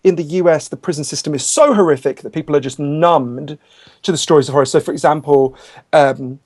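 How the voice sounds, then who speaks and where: A man's voice: fairly high pitch, brisk, darkish tone. A man in his thirties with a cold, speaking as an author guest in a candid, passionate interview. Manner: passionate, candid, with frequent restarts. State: has a cold. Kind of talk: conversational interview.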